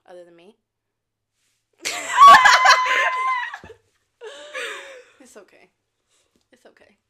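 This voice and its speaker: A young woman in her late teens hosting a casual chat, teasing her guest with quick questions and laughs. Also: on the high side, expressive, bright, forceful tone, a little hiss or hum. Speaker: host.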